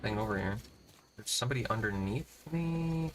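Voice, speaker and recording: A man's voice: on the low side, animated, a little fast, slight background noise. A man casually commenting as he plays a video game, musing aloud in an offhand, rambling way. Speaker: gamer playing through a video game. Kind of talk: casual let's-play commentary.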